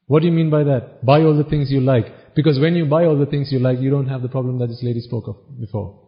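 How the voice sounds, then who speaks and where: A man giving a Buddhist sermon, asking the audience questions and answering them himself, now and then reciting Pali phrases quickly. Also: mid-range voice, fairly even intonation. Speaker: Buddhist preacher. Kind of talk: dharma talk sermon. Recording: dull lo-fi recording.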